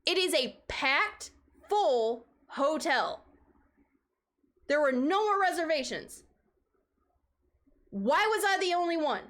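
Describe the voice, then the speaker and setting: A woman's voice: high-pitched, sing-song, takes it slowly, pauses often, fairly bright tone. A woman streamer telling a story in a heated, profane, emphatic way. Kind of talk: casual storytelling rant.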